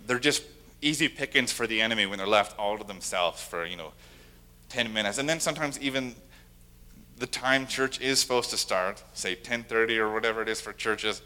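Bright-voiced man preaching conversationally. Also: fairly low pitch, a little fast. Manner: conversational, self-deprecating preaching with acted-out quotes. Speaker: pastor. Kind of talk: sermon.

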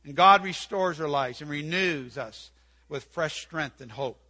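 A man's voice: fairly high pitch, measured pace, pushed and bright. An older man preaching an earnest sermon in church, repeating key phrases and quoting scripture. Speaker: pastor.

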